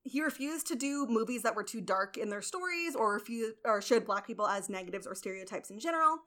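A woman hosting a casual podcast, telling film history in a lively way and acting out quotes. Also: on the high side, fairly quick. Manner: animated storyteller acting out quotes. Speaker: podcast host.

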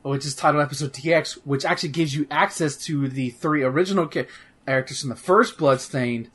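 A man's voice: fairly high pitch, fairly quick, fairly bright tone, husky. A man in casual chat, talking about a video game in a rambling way with many fillers and restarts, swearing now and then. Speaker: podcast host reviewing a video game.

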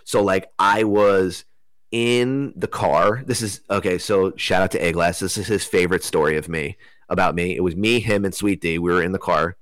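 Deep-voiced rambling man from New Jersey. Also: dry recording. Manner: rambling, animated, loose with slang and swearing. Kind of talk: casual storytelling conversation.

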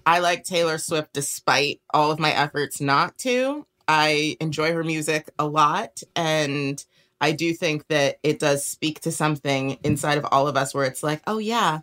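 Young woman, very low voice, wry, self-mocking, casual chat. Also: a little slow, fairly bright tone. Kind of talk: casual book discussion.

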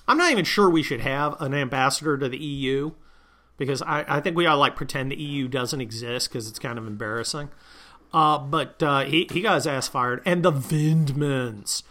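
A man's voice: fairly high pitch, normal speed, pushed and bright. A man hosting a political talk monologue, combative and sarcastic, heaping insults on his targets. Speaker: political commentary host.

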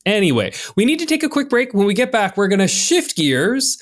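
A man's voice: high voice, big pitch swings, brisk. A young man co-hosting a podcast in casual chat, talking in a chatty, jokey way with plenty of fillers. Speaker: podcast co-host.

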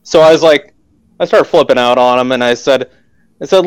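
A man's voice: on the high side, normal speed, pauses often, no echo. A man from Canada, a guest telling a heated, profane story in casual chat.

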